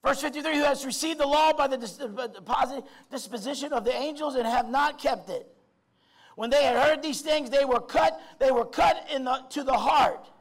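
In an extremely high-pitched voice at normal speed, a man delivers a sermon that swings from quiet musings to loud shouts. He often stammers and restarts, saying "I mean" again and again.

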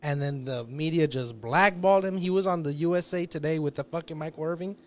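A man hosts a podcast in a studio, his voice sitting a little high for a man. He tells stories loud and profane, shouting out quoted lines and breaking into laughter. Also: fast talker. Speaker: podcast host telling a story. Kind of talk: casual podcast chat.

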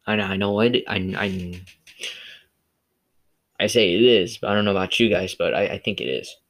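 A man's voice: sits low, moderate pace, fairly bright tone. A man hosting a casual solo movie review podcast, rambling with many fillers and restarts, from California. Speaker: podcast host.

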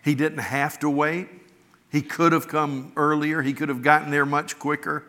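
A middle-aged pastor preaches a sermon, telling stories in a folksy, earnest, conversational manner. His voice is fairly high with little pitch movement, bright and forceful, at a moderate pace. The long reverb of a large hall surrounds it.

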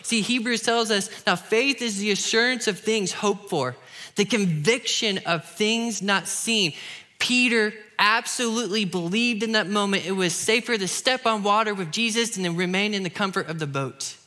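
A man's voice: high-pitched, normal speed, sharp tone. A young man preaching a sermon, earnest and building to emphatic peaks.

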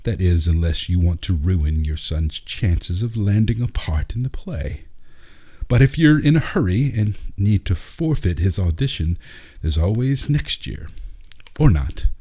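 A man's voice: sits low, lively intonation, measured pace, warm tone, breathy edge, exaggerated voice. A man voicing a pompous male play director who talks down to people with cold, snarky remarks. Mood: condescending.

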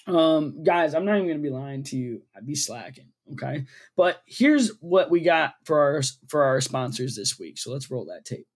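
Husky joking podcast co-host, man. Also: animated, normal speed. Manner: joking, laughs often, mock ad pitch. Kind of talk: casual chat.

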